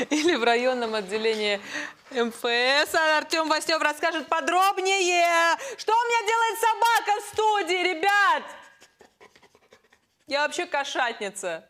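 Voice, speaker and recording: A woman's voice: sits high, lively intonation, moderate pace, a bit bright. A woman news anchor reading the news while amused and fighting off laughter.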